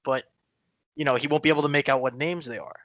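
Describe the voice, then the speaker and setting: Bright, dry-voiced man chatting casually. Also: medium pitch, steady tone, fast talker, dry recording, muffled recording. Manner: rambling, many fillers and restarts. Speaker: podcast co-host. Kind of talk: casual chat.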